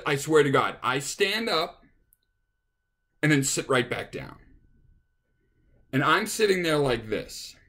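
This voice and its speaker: A man's voice: fairly high pitch, big pitch swings, slow pace, pauses often, pushed and bright. A man, a touring musician, casually telling a rambling anecdote with restarts, acting out what people said. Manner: rambling, with restarts and acted-out quotes. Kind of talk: casual storytelling.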